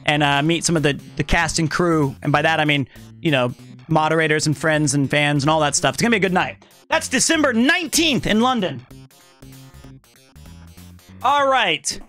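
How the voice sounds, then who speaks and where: A man's voice: a little high, normal speed, pauses often, sharp tone, faint music behind. A young man streaming live, chatting casually and thanking viewers in an upbeat way.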